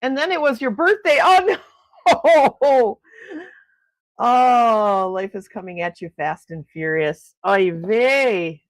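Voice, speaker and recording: A woman chats through a casual morning livestream from her home, greeting viewers and reacting to their comments with frequent exclamations. Her pitch swings widely and animatedly as she talks. She speaks into a desk microphone, and the sound is dry and close. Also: expressive, takes it slowly, dry recording. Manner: chatty, exclaims often. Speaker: livestream host. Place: home in snowy Milwaukee.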